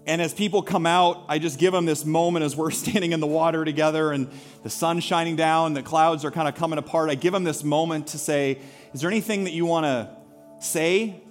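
A pastor with a slightly high voice preaches to his congregation in a sanctuary. He tells his story earnestly and builds to rousing calls to worship. Soft music plays faintly beneath him. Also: little pitch movement, fairly quick. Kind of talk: sermon. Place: church sanctuary.

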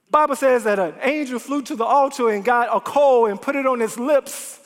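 A man preaching a sermon in a church, impassioned, swinging from loud declarations to hushed appeals. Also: very high voice, moderate pace, few pauses. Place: church sanctuary. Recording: long hall reverb.

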